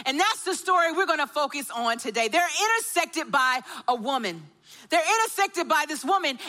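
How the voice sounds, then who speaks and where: A woman, preaching a sermon as an animated storyteller who acts out the dialogue. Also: high voice.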